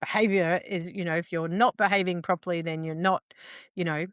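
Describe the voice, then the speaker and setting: A woman's voice: lowish voice, fairly even intonation, a little fast, dry recording, studio quality. A middle-aged woman, a guest on a podcast interview, explaining earnestly with frequent restarts and tag questions. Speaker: guest, entrepreneur.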